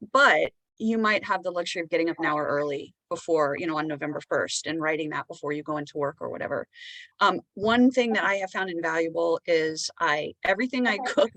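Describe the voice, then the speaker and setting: A woman's voice: fairly low pitch, a bit bright, no echo, poor audio. A woman on a panel discussion, upbeat and enthusiastic, speaking over a video call. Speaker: panelist, mystery writer.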